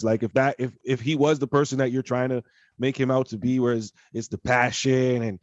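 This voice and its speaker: A man's voice: mid-range voice, no room sound, highs cut off. A man co-hosting a casual podcast, talking heatedly and emphatically, repeating his points. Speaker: podcast co-host.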